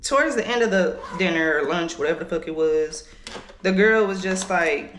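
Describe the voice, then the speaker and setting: A woman's voice: medium pitch, animated, fast talker, a bit bright, slight background noise. A woman, telling a candid, profane story to her camera while she does her makeup. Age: late 20s. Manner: candid, profane, heated venting. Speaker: vlogger. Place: indoors at home. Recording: echoey room.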